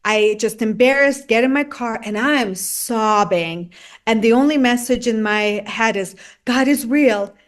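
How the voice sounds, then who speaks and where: A woman with a fairly high voice recounts a personal testimony as a podcast guest. She tells it vividly, acting out her own past remarks along the way. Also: a little slow. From immigrant to the United States.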